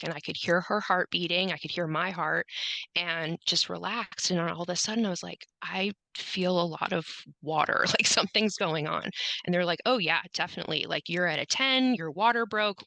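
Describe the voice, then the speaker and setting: A woman's voice: lowish voice, vocal fry, bright, forceful tone, no echo, low-quality recording. A woman guest on a podcast, telling her story in conversation and often quoting herself and others.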